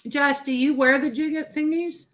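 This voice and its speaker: A woman's voice: high-pitched, steady tone, moderate pace, crowd noise. A woman on a group video call, chatting with enthusiasm and some teasing. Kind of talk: casual group chat.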